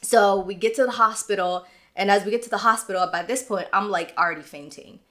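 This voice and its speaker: Woman softly recounting a hard story. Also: mid-range voice, fairly quick. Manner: subdued, earnest recounting. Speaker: podcast co-host. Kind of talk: casual storytelling.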